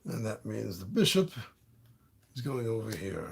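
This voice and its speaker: A man's voice: fairly low pitch, normal speed, vocal fry, breathy edge. A man hosting a board game playthrough, chatting casually and joking as he plays. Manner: playful, jokey, animated.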